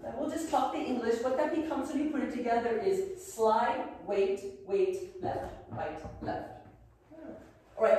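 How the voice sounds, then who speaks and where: A woman's voice: on the high side, mellow. A woman in costume playing a genteel academy headmistress, instructing a class in manners with prim formality and playful humor. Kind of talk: in-character living-history lesson. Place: large echoey room with a class. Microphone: far camera. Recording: echoey room, voice far from the mic.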